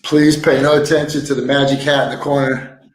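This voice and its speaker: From a sparse room at home, a man hosts a casual livestream, his mid-range voice brisk and level in tone. The room is echoey, and he rambles through stories and jokes, laughing often.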